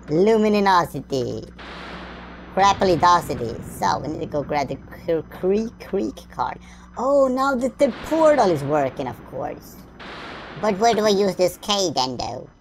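A woman's voice: mid-range voice, big pitch swings, unhurried, darkish tone, slight background noise. A woman playing through a video game, chatting playfully with herself, humming and making up nonsense words as she goes. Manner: silly, sing-song, makes up nonsense words. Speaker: gameplay commentator. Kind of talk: playful gameplay commentary.

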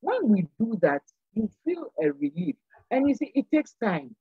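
A woman's voice: a little high, big pitch swings, moderate pace, breathy edge, dry recording, narrow, tinny audio. An older woman speaking as a guest on a church program, giving an earnest, sermon-like exhortation and repeating phrases for emphasis. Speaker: panel guest.

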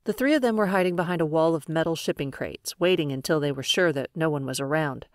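A woman narrating a science fiction audiobook in a steady, even storytelling way. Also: low-pitched, quick pace, no room sound, studio quality. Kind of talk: scripted narration.

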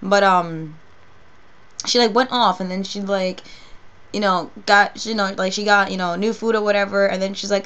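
A woman's voice: medium pitch, fairly even intonation, moderate pace, fairly bright tone, smooth. A young woman with a New York accent, telling a story in a casual vlog, rambling and cursing freely. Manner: rambling, profane, laid-back. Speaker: vlogger and cosplay performer.

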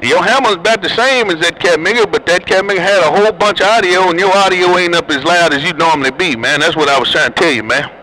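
Man, CB radio operator, slangy teasing chatter, bright forceful voice, faint hiss. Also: high voice, fast talker, hardly any pauses, low-quality recording. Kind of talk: casual CB radio chat.

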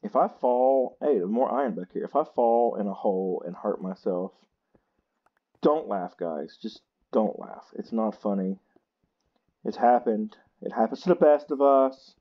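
Guy hosting a gaming channel, unhurried tired chatter, slightly dull mic. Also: lowish voice, animated. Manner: slow, chatty and self-mocking. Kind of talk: casual gameplay commentary.

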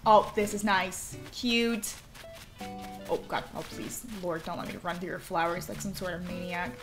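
A woman's voice: fairly low pitch, fairly even intonation, normal speed. A young woman streaming a game, chatting casually and gushing over what she sees, giggling often. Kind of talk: casual live-stream chatter while gaming. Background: soft game music.

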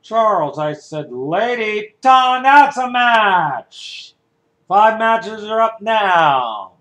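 A man's voice: sits high, very animated, drawn-out words, fairly bright tone, echoey room. A man playing every part of a game show by himself, with announcer patter, humming its theme music himself. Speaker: one-man game show parody performer. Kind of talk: playful solo game show imitation.

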